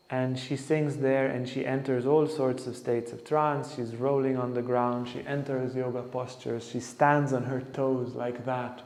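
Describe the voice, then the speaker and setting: In an ashram lecture hall with echoey reverb, a man gives a spiritual talk, earnestly sharing anecdotes about a saint. His voice has a medium pitch and a darkish tone.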